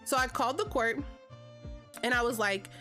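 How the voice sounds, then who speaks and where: Thirties woman spilling a story on stream, swears a lot, says like nonstop, a bit high, faint music behind. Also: moderate pace, sharp tone. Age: 30s. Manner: chatty, profane, heavy filler "like". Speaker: vlogger. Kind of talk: casual storytime livestream. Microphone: streaming setup.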